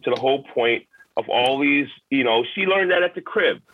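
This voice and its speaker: A man's voice: medium pitch, lively intonation, normal speed, no room sound. A man in casual chat, blunt and crude, joking with his friends. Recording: dry, tinny phone-like sound.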